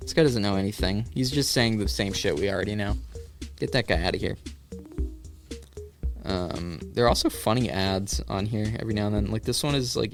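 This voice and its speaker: A man's voice: on the low side, moderate pace, soft background music. A man hosting a solo podcast in casual chat, riffing sarcastically and swearing freely. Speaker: podcast host.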